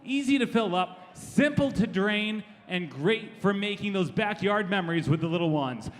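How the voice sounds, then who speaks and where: A man competing as an auctioneer, giving a polished introduction and then chanting rapid repeated bid calls. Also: sits high, very animated, big-room sound. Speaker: auctioneer contestant. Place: large convention hall stage.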